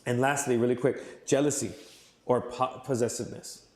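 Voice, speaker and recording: A man's voice: mid-range voice, steady tone, moderate pace, a little mellow. A young man giving an earnest youth sermon in a conversational way, with fillers and repeated phrases. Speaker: youth pastor. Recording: roomy hall echo.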